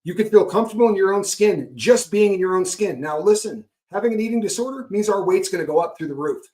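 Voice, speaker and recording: Middle-aged man, slightly high voice, blunt and emphatic, conversational guest. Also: expressive, quick pace, dark tone. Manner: frank, emphatic, repeats points with "right?". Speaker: guest speaker on recovery. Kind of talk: candid conversational talk.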